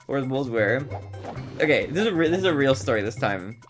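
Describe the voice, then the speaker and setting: A man streaming a speedrun and chatting casually with viewers, an animated storyteller who laughs often. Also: mid-range voice. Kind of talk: casual livestream chat while speedrunning. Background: game music.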